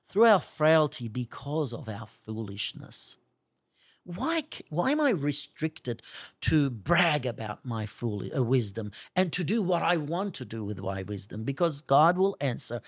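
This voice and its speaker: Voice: mid-range voice, expressive, a little slow, no echo, studio quality. A preacher giving a fervent sermon, often speaking in the first person as God and pressing pointed questions. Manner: fervent, speaks at length in God's voice.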